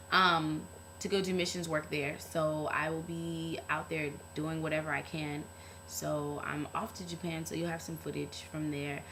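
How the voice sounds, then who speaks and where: A woman's voice: low-pitched, creaky, noisy background. A young woman talking to camera in a casual vlog, earnest and heartfelt, rambling with lots of fillers. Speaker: vlogger.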